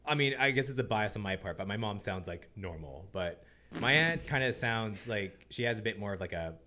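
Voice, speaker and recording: Bright, lively Canadian man. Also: on the low side, a little fast. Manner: storytelling, imitates regional accents. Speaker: guest, digital artist. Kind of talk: casual chat.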